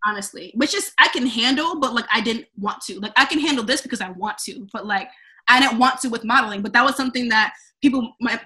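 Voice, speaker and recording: Young woman comedian on a podcast, high bright voice, animated storytelling, acts out quotes, laughs a lot. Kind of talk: casual chat.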